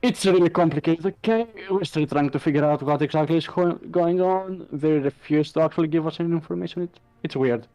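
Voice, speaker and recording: A man's voice: fairly high pitch, a little fast, hardly any pauses, mellow. A man playing a tabletop game, talking in a casual, blunt way. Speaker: player. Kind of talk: tabletop role-play.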